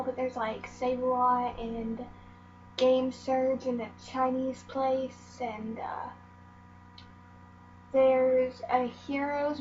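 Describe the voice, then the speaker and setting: Teen girl vlogger, slow and rambling, dull lo-fi audio with a faint hum. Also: sits high. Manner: rambling, meandering, lots of "like" and "um". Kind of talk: casual storytelling vlog.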